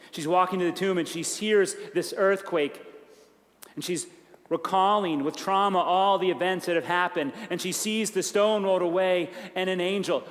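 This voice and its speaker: A man preaching a sermon as pastor in a church, earnest, with a repeating cadence and phrases that soften and fall away. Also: sits high. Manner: earnest, repetitive cadence with soft dropped phrases. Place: large church sanctuary. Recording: long church reverb.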